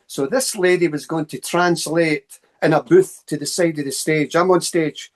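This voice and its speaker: A Scottish man spins rapid, chatty anecdotes as an interview guest. He talks quickly and throws in plenty of asides. His voice sits a little above the usual male pitch. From Scotland. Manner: fast, animated anecdotes with asides. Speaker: guest, paranormal researcher. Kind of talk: casual storytelling interview.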